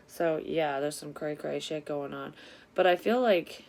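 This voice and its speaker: A woman talks through a casual tarot reading vlog as a psychic reader. Her voice sits low for a woman. She tells her story candidly and swears freely. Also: normal speed, gravelly, darkish tone.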